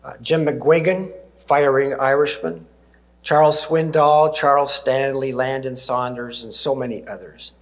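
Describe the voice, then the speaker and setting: A man, preaching a sermon and telling stories earnestly, slowing down and dropping to a near-whisper for emphasis. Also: mid-range voice, steady tone. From Canada.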